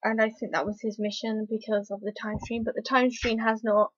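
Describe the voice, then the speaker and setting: A woman talking casually in a review vlog, rambling and hesitant with lots of fillers, an excitable fan. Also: fairly high pitch, a little fast, dry recording. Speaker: TV episode reviewer. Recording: dull lo-fi, dry recording.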